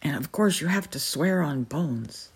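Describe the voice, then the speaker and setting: A woman's voice: low voice, expressive, measured pace, breathy edge, full character voice. A woman voicing a friendly male merlin hawk captain, polite and explanatory.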